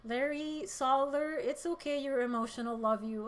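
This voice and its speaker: Speaking at normal speed with few pauses, a high-voiced woman from the Middle East reads chat comments on her political livestream. She's emotional and near tears, moving between loud outbursts and quieter moments.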